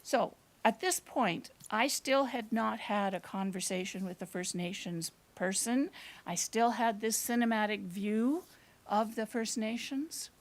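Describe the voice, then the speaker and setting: Brief: woman storyteller, slightly high voice, deadpan wit, live in a small venue. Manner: dry, deadpan humor with drawn-out pauses. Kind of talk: live storytelling before an audience. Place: small performance space on stage.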